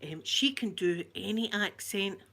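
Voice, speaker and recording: A woman's voice: mid-range voice, animated, unhurried, vocal fry, a bit bright. A woman with a broad Glaswegian accent, hosting a casual live-stream chat, greeting viewers by name and laughing often. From Scotland. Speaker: ASMR channel host.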